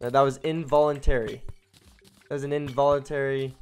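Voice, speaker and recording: A young man giving casual, rambling commentary as he streams a video game, breaking into excited exclamations and cutting himself off mid-sentence. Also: mid-range voice, fairly quick. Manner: chatty and rambling, with excited exclamations and self-interruptions. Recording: faint game music behind.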